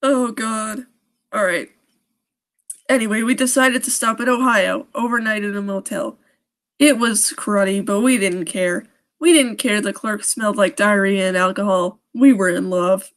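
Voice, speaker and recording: On a live stream, a young woman reads a creepy story aloud at an unhurried pace in a medium-pitched voice. She keeps stopping to laugh and crack sarcastic jokes about the writing.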